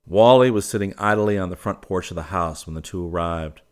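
A man narrating a western audiobook in an even storytelling manner. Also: low voice, a little fast, smooth.

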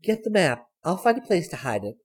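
A spunky, self-sufficient young woman in a storybook reading, put on by a man. She talks briskly and decisively, her voice raised high above his own and swinging widely. A husky edge runs under it. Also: exaggerated voice. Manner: lively, decisive, matter-of-fact.

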